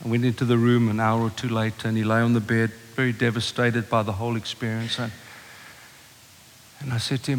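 A man preaching a passionate sermon, moving from forceful declarations to a hushed, intimate telling of a story. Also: medium pitch, level tone, a little fast, pauses often, slight background noise. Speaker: pastor. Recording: long reverb of a large hall.

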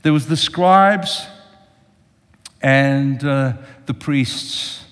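A man's voice: mid-range voice, drawn-out words, a bit bright. An older man preaching a sermon with passion, speaking directly to his congregation. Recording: long reverb of a large hall.

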